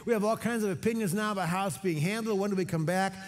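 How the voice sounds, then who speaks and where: A middle-aged man preaching a sermon for an online church service, energetic and leading call-and-response. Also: high voice, quick pace, soft background music. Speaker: pastor. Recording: long hall reverb.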